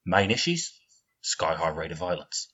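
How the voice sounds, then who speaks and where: A man doing an impression of a dry, older film actor, speaking low and deliberately in a husky voice. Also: big pitch swings, muffled recording, heavily acted. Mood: deadpan. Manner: low, quiet, deliberate delivery.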